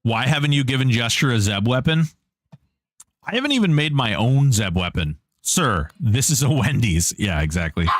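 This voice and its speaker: Bright-voiced joking game streamer, a man. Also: medium pitch, very animated, normal speed, no echo, clean studio sound. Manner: joking, hyped up for giveaways. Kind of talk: live-stream gameplay commentary.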